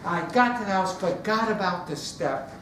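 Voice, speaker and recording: Picked up from a distance in an echoey room with a noisy background, a high-pitched man speaks at normal speed. He's delivering a storytelling speech at a speaking club, animatedly acting out scenes with sounds.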